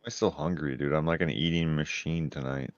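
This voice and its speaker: A very deep-voiced man rambles loosely in laid-back chat, swearing casually. His mic sounds dull and lo-fi, with a dry, close feel. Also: fairly even intonation, brisk, dry recording.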